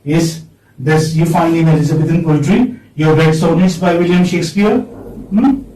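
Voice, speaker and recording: A man's voice: a little high, normal speed, warm tone, slight background noise. A man with an Indian English accent lecturing a class of students, repeating words and prompting them with questioning hums. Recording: echoey classroom, distant mic.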